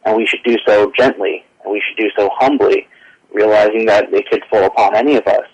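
A man's voice: lowish voice, fairly even intonation, darkish tone. Man speaking over a tinny phone line. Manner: earnest, halting, many fillers. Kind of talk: radio call-in interview.

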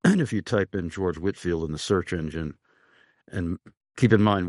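A man's voice: low voice, moderate pace, no echo, clean studio sound. A man hosting a talk show, relaying a listener's question and plugging a resource. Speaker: radio show host.

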